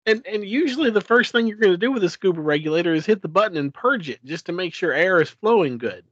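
A man's voice: high voice, lively intonation, fast talker, dry recording. A man co-hosting a podcast, explaining things eagerly with stammering restarts. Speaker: podcast co-host. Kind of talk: casual chat. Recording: dull lo-fi sound.

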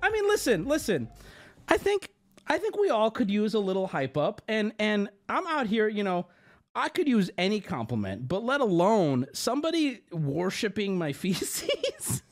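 A man's voice: high voice, wildly swooping pitch, measured pace, faint music behind. A man livestreaming an exasperated, profane and self-mocking rant to his viewers, breaking into bursts of laughter. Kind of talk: ranting stream monologue.

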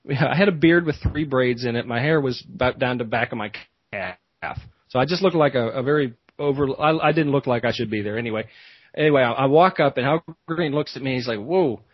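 A man's voice: mid-range voice, a little fast, dry recording, dull audio. A man, a podcast host, telling a long rambling story in casual chat, full of restarts and asides.

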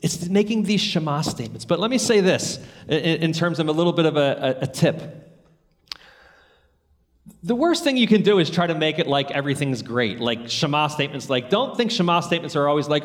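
Male preacher, earnest storyteller, fairly high voice, long hall echo. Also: animated, normal speed. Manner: earnest, storytelling, rising to high emphatic peaks. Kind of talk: sermon.

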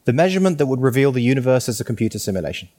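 A man's voice: mid-range voice, very animated, racing, mellow. A man co-hosting a casual tech podcast, eager and chatty, always jumping ahead to the next thing. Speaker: podcast co-host.

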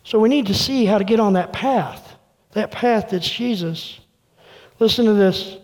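A man pastor preaching a sermon with earnest delivery, going quiet and soft when quoting. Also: high voice, a little slow. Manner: earnest preaching, dropping soft for quoted words. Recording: long reverb of a large room.

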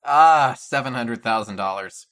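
A man's voice: medium pitch, lively intonation, unhurried, fairly bright tone. A man co-hosting a casual podcast, making dry, skeptical comments about the product. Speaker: podcast co-host.

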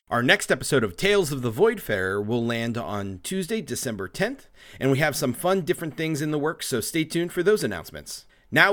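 A man's voice: mid-range voice, a bit bright. A man narrating as dungeon master of a tabletop role-play podcast, telling the scene and talking with players.

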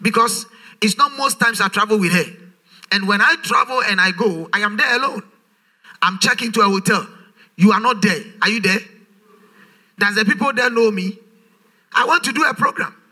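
High, bright-voiced preacher. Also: male voice, normal speed, long pauses. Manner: emphatic, rhetorical questions, sing-song rises. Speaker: pastor. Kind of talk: sermon.

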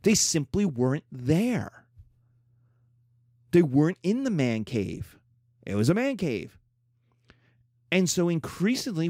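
A middle-aged man teaching a classroom lecture in an emphatic, animated way, slipping into playful mock voices. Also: on the high side, dry recording, clean studio sound. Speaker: history teacher.

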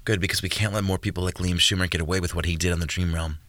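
A man's voice: low voice, steady tone, racing, a bit bright, no room sound, voice pushed down. A man narrating a storybook, voicing a young woman investigator who speaks hesitantly and defiantly. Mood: relieved. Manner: hesitant, faltering then firm.

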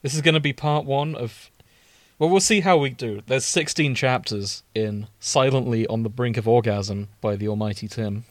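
A man hosting a casual chat podcast, easygoing and quick to laugh while he sets up a reading. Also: mid-range voice, no room sound. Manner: easygoing, giggly, organizing the reading. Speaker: podcast host.

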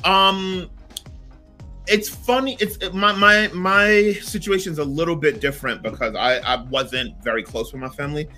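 A man hosting a podcast, chatting frankly and relaxed with his guest. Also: on the high side, moderate pace, soft background music. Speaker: podcast host. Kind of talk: casual podcast chat.

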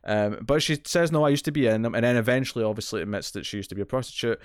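Rapid-fire and medium-pitched, this man's clean-toned voice carries a casual podcast recap of a TV episode that he co-hosts. He rambles, restarting often and leaning on fillers. It's clean studio sound with no echo.

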